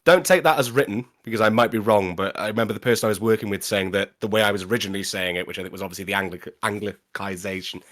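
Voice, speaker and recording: A man with a somewhat low voice chats on a live stream. He hedges his points and sounds tentative, checking himself as he goes. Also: racing, hardly any pauses, a bit bright. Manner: chatty, hedging and tentative. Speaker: podcast co-host, voice actor. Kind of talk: casual chat on a live stream.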